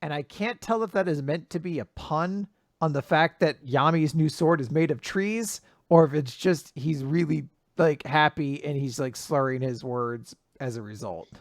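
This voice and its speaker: Animated male podcast co-host, slightly high voice, dry sound. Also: moderate pace, no room sound. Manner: animated, laughs often. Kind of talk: casual chat recapping manga.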